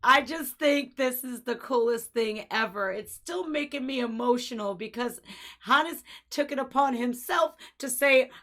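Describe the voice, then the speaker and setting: Woman, reaction-video host, slightly high voice, sincere and rambling casual commentary. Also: measured pace, a bit bright, soft background music. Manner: earnest, heartfelt, rambling with many fillers.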